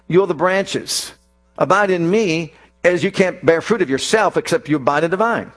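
A man's voice: a little high, normal speed, a bit bright, soft background music. A male preacher delivering a sermon with emphatic, repeated declarations.

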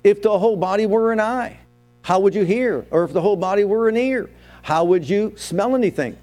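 A man's voice: sits high, fairly quick, a little mellow. A man preaching a sermon as pastor, telling his own story and asking the congregation questions.

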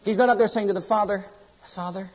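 A male pastor delivering a fervent sermon, swinging between loud exhortation and low, intense passages. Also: steady tone, racing, lo-fi sound.

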